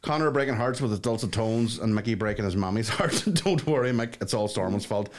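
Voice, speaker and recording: A man's voice: on the low side, brisk. A man co-hosting a podcast, reading out listener messages in crude, joking banter. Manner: crude, joking, laughs often. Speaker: podcast co-host.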